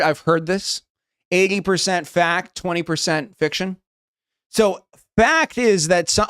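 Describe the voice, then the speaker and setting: A man's voice: high voice, fairly bright tone, smooth, no room sound, clean studio sound. A young man with a West Coast American accent chatting casually on a livestream, rambling, swearing and thinking aloud as he reads chat. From United States. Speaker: streamer.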